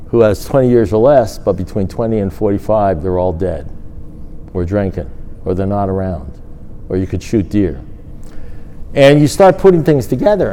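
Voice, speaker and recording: A middle-aged man with a low, mellow voice tells a long personal story at a recovery meeting. He rambles and restarts, acting out both sides of a conversation with growing animation. A faint ambient hiss sits behind him.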